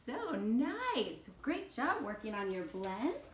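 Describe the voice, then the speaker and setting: A woman teaching a phonics lesson to young children, enunciating slowly and carefully. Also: medium pitch, huge pitch swings, echoey room, slight background noise.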